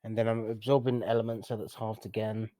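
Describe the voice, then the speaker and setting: A man's voice: on the low side, level tone, brisk, mellow, no echo. A man playing a tabletop game, chatting casually and working out his dice rolls aloud. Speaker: player.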